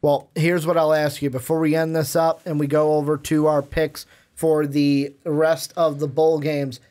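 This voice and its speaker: A man's voice: fairly high pitch, flat delivery, normal speed, dark tone. Chatty jokey male sports podcaster. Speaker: podcast co-host. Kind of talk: casual sports podcast chat.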